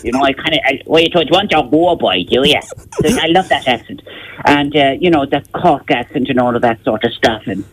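A man's voice: medium pitch, animated, a bit bright, breathy edge, low-quality recording. A man impersonating an elderly Irish president with a west of Ireland accent, meandering and fussy in a radio comedy sketch. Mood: rambling. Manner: meandering, slow and fussy, mimics other accents.

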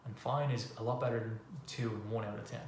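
A man's voice: on the low side, steady tone, brisk. A man hosting a podcast, talking through a casual motivational monologue with emphatic rhetorical questions. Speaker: podcast host. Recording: echoey room with faint ambient noise.

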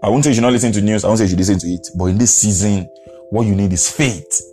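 A man's voice: lowish voice, very fast, warm tone, soft background music. A man from Nigeria preaching a podcast sermon in an earnest, repetitive way, chuckling now and then.

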